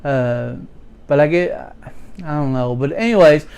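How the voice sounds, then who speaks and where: A man's voice: a little high, measured pace, gravelly, a little mellow, smooth. A man playing a stammering redneck. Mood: rambling. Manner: stammering, folksy, storytelling. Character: folksy rambling redneck working man. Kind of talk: rambling comedic character monologue.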